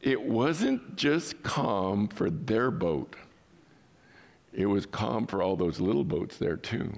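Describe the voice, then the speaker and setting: A male pastor preaching with an emphatic, questioning delivery and well-placed pauses. His low voice has a gravelly fry and swings widely in pitch. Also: big pitch swings, a little mellow. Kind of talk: sermon.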